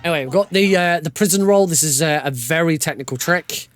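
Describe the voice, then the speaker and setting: A man's voice: on the high side, a little fast, faint music behind. A man giving casual, joking live commentary while playing through a video game speedrun. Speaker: speedrunner streamer. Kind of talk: live commentary over gameplay.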